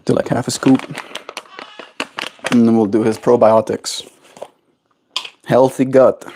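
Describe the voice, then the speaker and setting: A man's voice: medium pitch, little pitch movement, takes it slowly, pauses often, warm tone, a little hiss or hum. A man streaming casual chat while cooing affectionate baby talk to his pet bird at home.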